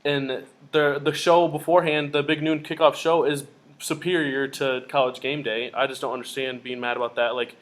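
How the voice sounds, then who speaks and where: A young man co-hosting a casual college football podcast, talking in an excitable way. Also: mid-range voice, normal speed. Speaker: podcast co-host. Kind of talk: casual sports chat.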